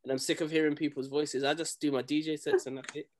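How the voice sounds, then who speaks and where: A young man tells stories in a loose, slangy, animated way. His voice sits a little high for a man. It is a casual chat between friends. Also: quick pace, background noise. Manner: animated storytelling, slangy, acts out quoted people.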